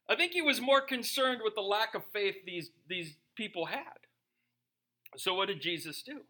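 A man preaching with a high, bright, cutting voice that swoops up and down. He keeps the sermon light and joking, tossing question after question at his listeners. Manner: humorous, animated preaching with rhetorical questions. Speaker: pastor.

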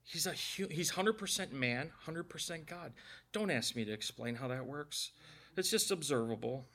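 A man's voice: on the high side, expressive, moderate pace, fairly bright tone. A man preaching a conversational sermon, earnest and emotional, with self-deprecating asides. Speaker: pastor.

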